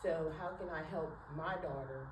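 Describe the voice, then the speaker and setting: A woman's voice: sits low, normal speed. An older woman, a grandmother, speaking candidly from the audience at a panel discussion. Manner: candid, laughs while talking. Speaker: audience member. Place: large room at a summit. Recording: echoey room, far from the mic, noisy.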